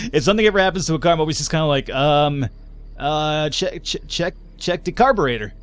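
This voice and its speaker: A man's voice: on the high side, expressive, a little fast, smooth. A young man hosting a let's play, chatting and joking casually as he plays, with the odd swear word. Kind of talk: casual gameplay commentary.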